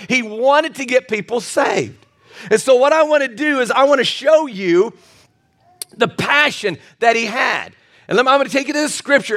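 A high-voiced pastor delivers an energetic, animated sermon with personal stories at a church service. He often stammers and restarts, breaks into loud bursts of emphasis, and keeps things folksy and funny with the congregation.

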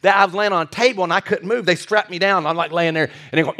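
High-voiced animated male pastor preaching. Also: fast, hardly any pauses. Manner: animated storytelling, acts out quoted voices; drops to a soft hushed voice for tender moments. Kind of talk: sermon.

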